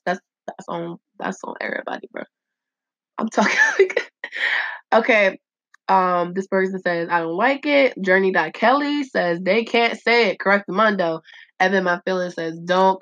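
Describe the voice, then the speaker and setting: A woman hosting a casual solo podcast, reading out listener answers in a blunt, profane, animated way and laughing often. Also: medium pitch, dry recording. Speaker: podcast host. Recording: dull lo-fi voice recording.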